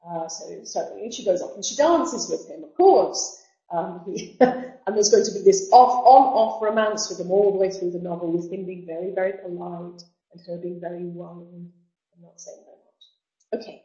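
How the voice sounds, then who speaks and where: Mellow-voiced woman teaching literature. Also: on the low side, moderate pace. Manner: explanatory, with asides and restarts. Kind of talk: explaining a novel in a lesson. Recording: dull roomy sound.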